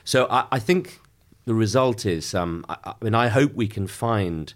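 A middle-aged man, a member of Parliament, giving a measured, emphatic political interview with frequent restarts. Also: fairly low pitch, animated.

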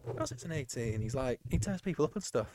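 A man's voice: medium pitch, expressive, fast talker, darkish tone, a little hiss or hum. A man co-hosting a podcast, chatting casually with jokes and frequent laughs. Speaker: podcast co-host. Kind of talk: casual commentary chat.

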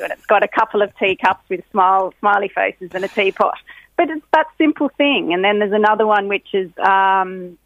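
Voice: medium pitch, brisk, fairly bright tone, dry recording. A middle-aged speaker, chatting cheerfully as a guest on a phone interview. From Australia. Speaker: guest, graphic designer. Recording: tinny phone line.

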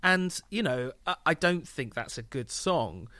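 A man co-hosting a casual music review podcast, measured and hedging, with frequent restarts. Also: a little high, sing-song, pushed and bright, no echo. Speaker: podcast co-host.

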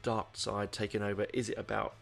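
A man's voice: fairly low pitch, little pitch movement, a little fast, vocal fry, fairly bright tone, faint music behind. A man giving a casual album review, rambling and hesitant, with lots of ums and restarts. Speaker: music reviewer.

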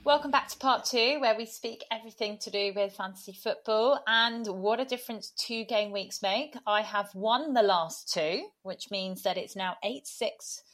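A woman's voice: mid-range voice, moderate pace, hardly any pauses, a bit bright, faint music behind. A woman co-hosting a casual football podcast, chatty and teasing, often laughing. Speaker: podcast co-host. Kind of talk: casual chat.

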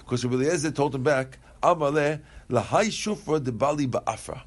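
A man leading a Talmud study class, switching between Aramaic readings and plain English explanations. He talks conversationally, asks rhetorical questions and takes students' remarks. His voice is of middle pitch. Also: animated, brisk. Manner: conversational, questions the text aloud, answers students. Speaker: Talmud teacher.

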